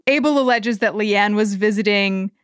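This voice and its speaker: A woman's voice: medium pitch, normal speed, clean tone, dry recording, studio quality. A woman co-hosting a podcast, recapping a TV show with wry, sarcastic quips. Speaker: podcast co-host. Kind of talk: casual TV recap chat.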